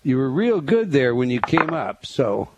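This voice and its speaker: A man's voice: medium pitch, very animated, measured pace, background noise. Man hosting a radio show, casual and direct. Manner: casual, direct, cues up clips. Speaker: radio host.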